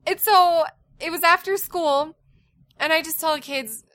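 A woman in her thirties, a mother and podcast co-host, telling a family story in a casual, animated way with lots of laughter. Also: very high-pitched, a little slow, no echo. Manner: animated, laughing, acts out shouted quotes.

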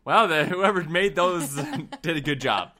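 A man's voice: on the high side, lively intonation, a little slow, pushed and bright. A man in his thirties, co-hosting a casual chat, telling stories in an easygoing way and laughing along. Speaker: podcast co-host.

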